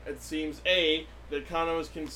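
A man's voice: a little high, flat delivery, normal speed, sharp tone. A young man co-hosting a podcast, recapping a show emphatically, with lots of swearing and jokes. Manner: emphatic, profane, joking. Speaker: podcast co-host. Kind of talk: casual episode recap chat. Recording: distant mic with faint noise.

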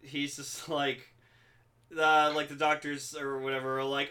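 A man casually recapping a show with friends, rambling with many fillers and loudly acting out the characters. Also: a little high, flat delivery, measured pace. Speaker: podcast co-host.

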